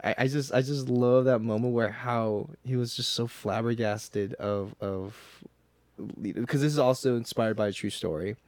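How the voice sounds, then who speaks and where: A man's voice: mid-range voice, steady tone, a little slow, darkish tone, no room sound. A man co-hosting a film podcast in casual chat, rambling enthusiastically and tripping over his words. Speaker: podcast co-host.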